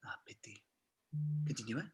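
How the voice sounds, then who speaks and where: A man's voice: moderate pace, natural voice. A man reading a suave, menacing SS colonel. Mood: probing. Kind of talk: amateur script reading.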